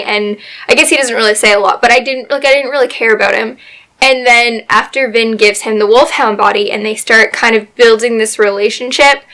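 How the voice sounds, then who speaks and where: A young woman talking casually and excitedly about books, full of "like" fillers and quick asides. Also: a little high. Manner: chatty, gushing, lots of "like" fillers. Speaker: book vlogger. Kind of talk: casual book review chat.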